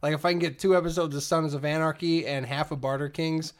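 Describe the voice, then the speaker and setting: A man in his thirties co-hosting a podcast, relaxed and chuckling, his voice often dropping off quietly at the ends of thoughts. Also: fairly high pitch, fast talker. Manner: laid-back, trails off quietly, laughs often. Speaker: podcast co-host. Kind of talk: casual chat.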